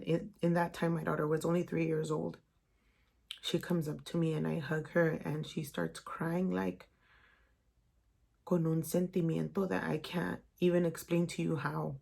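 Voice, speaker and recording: A young woman recounts a painful memory to her vlog audience, her words halting and emotional, with many "like"s and "um"s. Her voice sits low and barely rises or falls, with a gravelly fry running through it. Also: darkish tone. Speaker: vlogger. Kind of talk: personal storytime vlog.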